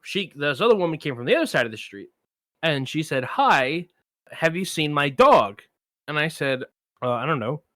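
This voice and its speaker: Podcast guy rambling thru a neighbor story, acts out everyone, kinda highish bright voice. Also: normal speed, no room sound. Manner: animated anecdote teller, acts out quoted voices. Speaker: podcast co-host. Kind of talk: casual storytelling chat.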